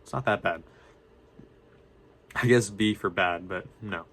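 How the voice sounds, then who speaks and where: A man's voice: deep voice, measured pace, a bit bright. A young man, a student vlogger, talks casually and unscripted, rambling and correcting himself as he goes. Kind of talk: casual unscripted talk to camera.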